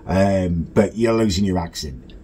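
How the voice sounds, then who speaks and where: Doing in-character comedic reaction commentary, a man from northern England sounds indignant and mock-pompous, with wildly swinging pitch. His voice is mellow and a little slow, with a slight hiss or hum in the audio.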